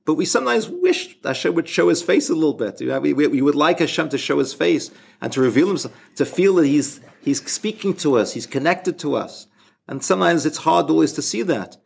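Gravelly husky-voiced man teaching. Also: a little high, expressive. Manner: halting, often restarts and repeats words. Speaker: rabbi teaching a class. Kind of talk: informal spoken Torah lesson.

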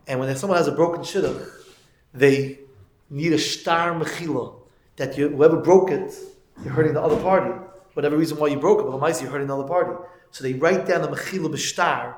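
A man with a high voice delivers a Torah lecture, telling a story and then rising into emphatic moral preaching. His talk is full of Yiddish and Hebrew terms, and the room around him rings with echo. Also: a little fast. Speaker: teacher of yeshiva students. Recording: echoey room.

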